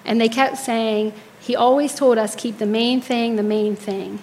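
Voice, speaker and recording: A woman's voice: fairly high pitch, unhurried, a little hiss or hum. Woman giving a storytelling sermon. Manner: animated storyteller acting out quotes. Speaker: speaker at church service.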